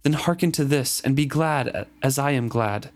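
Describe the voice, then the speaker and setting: A man's voice: mid-range voice, moderate pace, voice pushed up, close to an everyday voice. A man reading aloud and voicing an exultant, mystical young man from a fantasy novel. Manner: exalted and theatrical.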